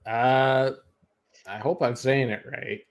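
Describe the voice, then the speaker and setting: A man's voice: mid-range voice, fairly even intonation, takes it slowly, smooth. A Canadian man with a Canadian accent, telling a long story in casual podcast chat, full of fillers and restarts. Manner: rambling, many fillers and restarts.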